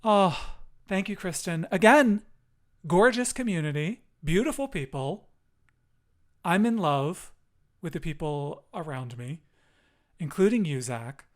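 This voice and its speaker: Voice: medium pitch, expressive, a little slow. A podcast host speaking in an affirming, encouraging and emotive way during a casual chat.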